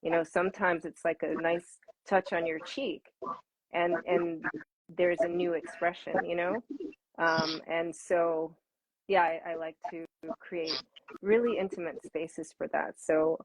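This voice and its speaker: A woman answering interview questions as an intimacy coach, animated and laughing, often repeating words for emphasis. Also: lowish voice, a little slow, poor audio.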